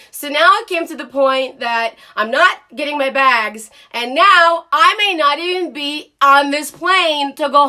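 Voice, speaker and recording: A woman vlogger retells a personal story in a casual, animated voice that sits high in her range. Her tone is bright and sharp-edged, and she speaks bluntly, dropping the odd swear word.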